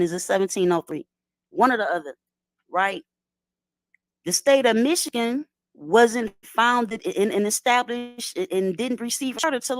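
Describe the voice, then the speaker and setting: A woman's voice: mid-range voice, no room sound. Woman explaining in a dry room. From Detroit, USA. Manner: explanatory, asks "right?" often, street slang. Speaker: guest. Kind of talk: casual conversational lecture.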